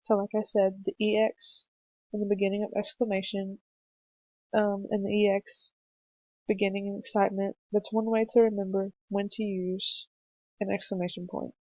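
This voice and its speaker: A young woman narrating a screencast punctuation lesson for children, explaining slowly and patiently with some fillers. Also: mid-range voice, little pitch movement, dark tone, dry recording. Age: young adult. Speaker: student teacher presenting a lesson. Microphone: computer mic for a screencast. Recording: dry, slightly dull home mic recording.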